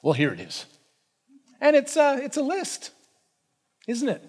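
A man preaching a sermon in a conversational, animated way, with frequent asides and fillers. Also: extremely high pitch, measured pace. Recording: reverberant hall.

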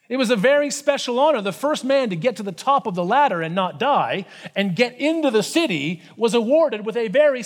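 A man preaching a sermon in a conversational, animated way, with frequent asides and fillers. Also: sits high. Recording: reverberant hall.

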